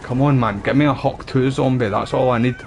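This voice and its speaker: A man's voice: mid-range voice, fairly quick, vocal fry, a little hiss or hum. A Scottish man chatting casually while streaming a game, rambling between stories. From Scotland. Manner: rambling, chatty, uses local slang. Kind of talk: casual gameplay chat.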